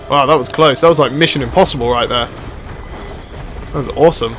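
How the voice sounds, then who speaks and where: A man's voice: mid-range voice, moderate pace, long pauses, faint music behind. A man giving live gameplay commentary, exclaiming and swearing at what happens on screen. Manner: excitable, exclaiming and swearing at the game. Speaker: video game commentator.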